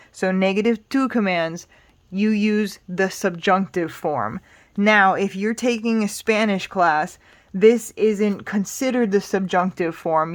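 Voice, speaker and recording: A woman teaching Spanish grammar in a relaxed, explanatory way, patient and reassuring, thinking aloud with small fillers. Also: medium pitch. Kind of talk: casual explanatory lesson.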